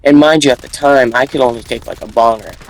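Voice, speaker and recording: A young man tells a story in a loose, casual monologue. He rambles, repeats himself and restarts his sentences, and his slangy talk sits at a middle pitch for a man. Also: fast talker, low-quality recording.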